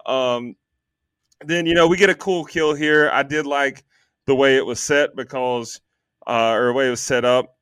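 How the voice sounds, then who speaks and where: A man co-hosting a podcast, chatting casually about a movie, animated, swearing freely and filling gaps with ums. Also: medium pitch, moderate pace, clear, resonant tone, dry recording, clean studio sound. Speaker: podcast co-host. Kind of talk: casual movie review chat.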